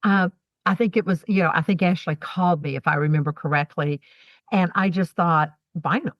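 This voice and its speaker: Woman author, low and dull. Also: fairly quick, no room sound. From Georgia, USA. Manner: warm storytelling, homespun phrases. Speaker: author guest. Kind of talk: casual interview chat.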